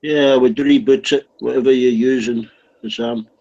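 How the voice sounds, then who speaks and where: A man hosting casual online chat, teasing and prodding people by name, with a husky voice. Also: medium pitch, sing-song, measured pace, darkish tone. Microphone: online voice call. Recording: dull lo-fi online call.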